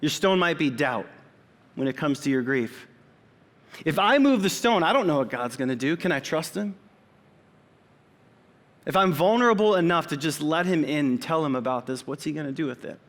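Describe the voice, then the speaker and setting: A middle-aged man, a pastor, preaching an earnest and conversational sermon with dramatic pauses in a church sanctuary. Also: on the high side, animated. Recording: long reverb of a large hall.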